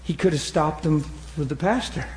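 A man preaching a sermon, swinging from shouted appeals to hushed storytelling and asking the listeners questions. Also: on the high side, normal speed, echoey room, slight background noise. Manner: asks the audience call-and-response questions.

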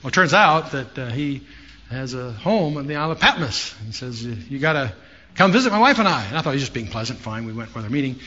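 A man's voice: medium pitch, quick pace, bright, forceful tone. A man teaching a Bible study in a conversational way, with storytelling asides. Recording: dull lo-fi sound with faint hiss.

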